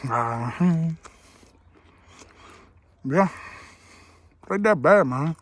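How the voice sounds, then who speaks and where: A man with a somewhat high voice doing an offhand food review for his viewers. He swears constantly and talks bluntly and crudely, often with his mouth full. His delivery is loose, unscripted and grumbling. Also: animated, very slow. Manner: talks while chewing. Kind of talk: casual food review vlog.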